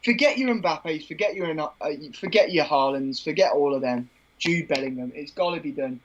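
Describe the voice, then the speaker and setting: A man's voice: fairly high pitch, moderate pace, lo-fi sound, a little hiss or hum. A man co-hosting a live football watchalong, chatting in a rambling way with plenty of fillers. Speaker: co-host.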